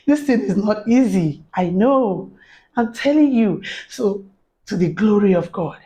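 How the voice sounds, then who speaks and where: A woman's voice: mid-range voice, normal speed, mellow, poor audio. A woman giving an earnest personal faith testimony to camera, acting out the voices of people she quotes. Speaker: faith encouragement speaker.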